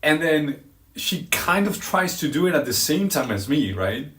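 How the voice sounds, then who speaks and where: A man streaming live, telling a story in a dramatic, animated way with crude language. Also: on the high side, unhurried, echoey room. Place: outdoors on a walk.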